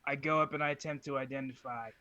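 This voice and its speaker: A man's voice: mid-range voice, fairly even intonation, quick pace, pushed and bright, muffled recording. A man playing a tabletop game, describing his actions in a playful, jokey way. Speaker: player. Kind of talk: casual tabletop game play.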